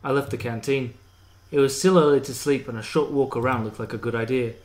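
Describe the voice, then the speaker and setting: A man's voice: medium pitch, fairly even intonation, a little fast, darkish tone. A young man steadily reading a visual novel aloud as a first-person narrator for his channel. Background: faint guitar music.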